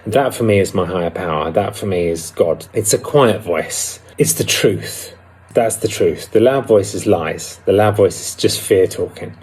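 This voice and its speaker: A man giving a candid, reflective personal talk about a twelve-step recovery program, pausing now and then to find his words. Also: sits low, a little mellow, husky. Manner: candid and reflective, with some hesitations. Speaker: recovery vlogger.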